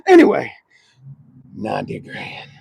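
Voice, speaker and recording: A man with a gravelly, husky voice reviews cars on a dealership lot in a loose, chatty way. He talks excitably, dropping to murmurs and then bursting into shouts. His voice is lively and up and down, and the sound is close and dry. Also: lowish voice, measured pace, no room sound. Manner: loud, excitable, swings between murmurs and shouts. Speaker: car dealership vlogger. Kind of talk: casual walkaround car review.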